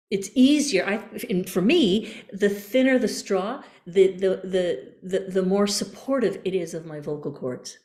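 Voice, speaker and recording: A woman's voice: on the low side, a little mellow, echoey room. A woman voice coach leading a workshop, guiding breathing exercises with playful images and encouragement. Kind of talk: online voice workshop.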